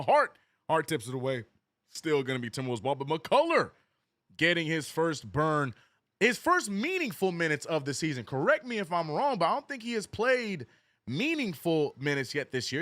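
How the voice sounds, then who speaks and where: Excitable man calling a game live. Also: dry recording. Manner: excitable, rises sharply on big plays, drops low reading chat; casual slangy talk, says bro and man. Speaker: watch-along streamer. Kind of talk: live play-by-play with chat shout-outs.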